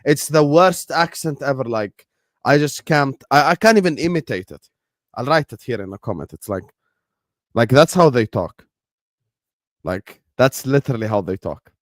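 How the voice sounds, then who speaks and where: A man's voice: medium pitch, normal speed, no echo, clean studio sound. A man hosting a football watchalong, talking in casual, emphatic, joking banter with his co-host. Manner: animated, emphatic, laughing banter. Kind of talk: casual chat.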